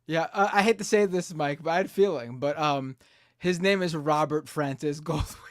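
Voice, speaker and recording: A man co-hosting a casual panel chat, talking in an animated, playful way. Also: on the high side, moderate pace, dry recording, clean studio sound. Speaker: podcast co-host.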